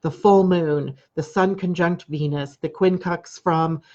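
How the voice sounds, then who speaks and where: A woman astrologer hosting a live stream, talking calmly and repetitively, often checking in with "right?". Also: fairly low pitch, unhurried, dull audio. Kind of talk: live-streamed spiritual talk.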